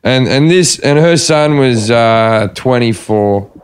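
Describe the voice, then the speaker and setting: A man's voice: mid-range voice, takes it slowly, smooth. A man telling a story in casual chat, wry and joking.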